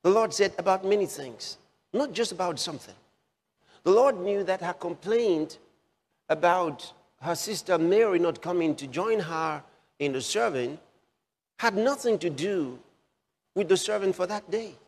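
A man's voice: high voice, lively intonation, measured pace, long reverb tail. A man preaching a sermon, repeating phrases for emphasis and asking listeners direct questions.

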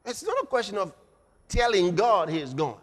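A man preaching a sermon dramatically, swinging from shouts to quiet and acting out scenes. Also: sits high, sing-song, normal speed. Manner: dramatic, shouting at peaks then dropping quiet, acts out scenes. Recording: echoey hall.

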